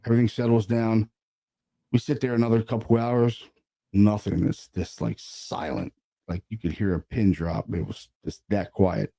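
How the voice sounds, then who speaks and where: A man, a paranormal investigator, casually telling a story about an investigation, animated and sprinkled with swearing and fillers. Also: lowish voice, normal speed.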